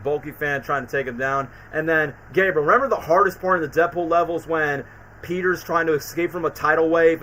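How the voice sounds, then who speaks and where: Bright-voiced enthusiastic male streamer. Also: fairly high pitch, low-quality recording. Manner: rambling, enthusiastic, filler-heavy. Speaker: streamer host. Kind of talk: casual live-stream chat.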